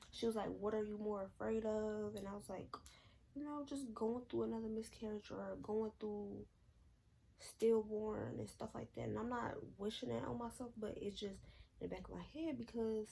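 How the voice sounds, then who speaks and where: Young woman, casual storytime vlog, rambling slang, out of breath, gravelly voice. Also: mid-range voice, a little mellow, slight background noise, low-quality recording. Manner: candid, rambling, with slang and swearing. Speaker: vlogger.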